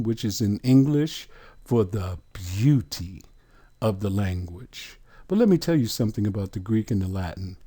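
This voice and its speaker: A man's voice: fairly low pitch, dark tone. A man teaching a sermon on scripture, asking the listeners questions and answering them himself. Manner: slow, questioning, call-and-response. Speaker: Bible teacher.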